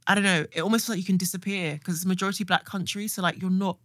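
A podcast co-host talks in a soft, reflective way, with a mid-range voice recorded dry and close. The delivery is unhurried and thoughtful. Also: medium pitch, steady tone, no echo. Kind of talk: casual chat.

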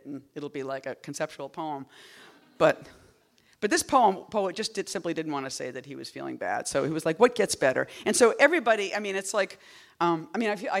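A woman poet giving a casual talk at a reading series. She wanders off on tangents, fills gaps with "like" and "you know", and drops wry, deadpan asides. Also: deep voice. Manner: rambling and digressive, full of "like" and "you know".

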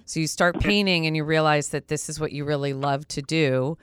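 An enthusiastic host asks questions with a playful, chatty energy. The voice is smooth and clear, sitting in the middle range, recorded close and dry. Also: medium pitch, steady tone, a little fast, a bit bright, dry recording. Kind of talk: interview questions.

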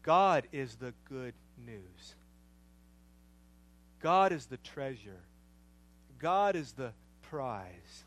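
A middle-aged man preaching a sermon, emphatic, repeating phrases, swelling to loud passionate peaks and then dropping low. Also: big pitch swings, extremely slow, pauses often, rough recording.

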